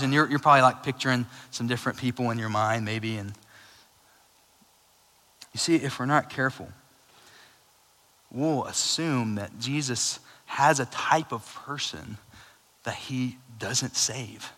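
A man preaching a sermon in a casual, animated way, with chatty asides. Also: on the high side, unhurried. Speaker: pastor. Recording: long hall reverb.

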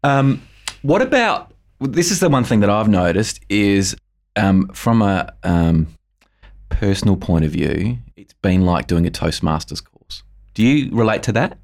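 A man's voice: lowish voice, lively intonation, measured pace, a little mellow. A man interviewing a guest in a casual chat, rambling and hesitant with many ums and restarts.

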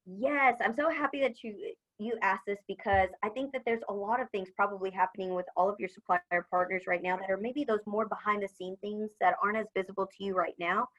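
A woman's voice: medium pitch, fairly even intonation, a little fast, hardly any pauses, fairly bright tone, rough recording. A woman, upbeat and chatty, talking about customer service in a business interview. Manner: upbeat, chatty, acts out phone greetings. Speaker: supplier customer service leader.

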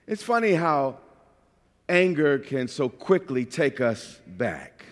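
A man with a New York accent preaching a sermon, emphatic, moving from quiet asides to shouted points. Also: mid-range voice, big pitch swings, slow. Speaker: pastor.

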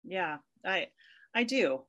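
A woman's voice: lowish voice, sing-song, slow pace, sharp tone. A woman being interviewed as a university professor, talking in a chatty, emotional way and laughing easily. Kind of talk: conversational interview.

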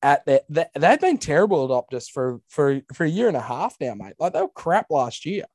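A man's voice: a little high, sing-song, fairly quick, a little mellow, no room sound, studio quality. A young Australian man co-hosting a casual sports podcast, laid-back and sweary, calling everyone mate. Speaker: podcast co-host. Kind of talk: casual chat.

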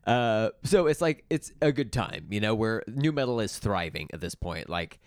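Low smooth voiced guy hosting a music podcast, laid back, kinda hesitant. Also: expressive, normal speed, dry recording, clean studio sound. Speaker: podcast co-host. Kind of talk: casual chat.

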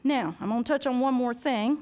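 High-voiced woman preaching animatedly. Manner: animated storytelling, acting out dialogue, laughing often. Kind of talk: sermon with personal story.

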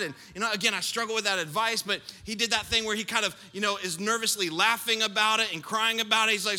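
High, bright-voiced man preaching in a reverberant hall. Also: normal speed. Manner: animated storyteller, playful self-mocking asides. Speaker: pastor. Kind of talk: sermon.

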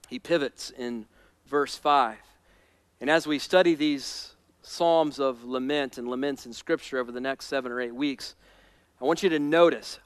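A man's voice: a little high, a bit bright, no echo. A man preaching a sermon, building intensity through repeated phrases. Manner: preaching with rising intensity and repetition. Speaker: pastor.

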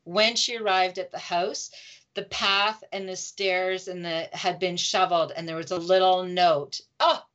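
A woman speaking as a guest in an interview, animated and emotive, telling heartfelt stories and laughing often. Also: fairly low pitch, a little slow. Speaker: guest, grief support speaker. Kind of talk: conversational interview. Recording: slightly dull lo-fi audio.

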